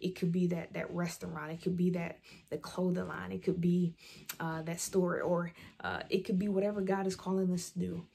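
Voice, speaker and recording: A woman shares an earnest devotional reflection, moving between scripture and her own story. Her voice sits low and carries a gravelly, husky edge. The tone is mellow and dark rather than bright. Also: little pitch movement, normal speed. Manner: earnest, reflective, personal testimony. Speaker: vlog host. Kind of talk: devotional talk with scripture reading.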